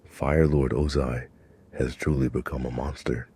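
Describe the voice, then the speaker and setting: A soft-spoken old uncle, gentle and proud of his family, as a man reads him. The voice sits very deep and dark, with a husky grain, and the lines come quietly. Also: level tone, measured pace, heavily acted. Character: kindly older uncle, gentle and wise.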